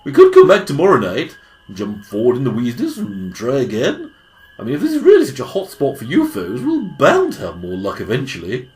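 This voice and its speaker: A performer plays a pedantic goose sidekick in a homemade audio drama. The goose corrects everyone in a deadpan tone, yet the voice jumps through a huge range of pitch. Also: fairly quick, a little hiss or hum. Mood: sardonic. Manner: sardonic, correcting, deadpan asides. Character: dry, pedantic goose companion. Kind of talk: hobby audio drama acting.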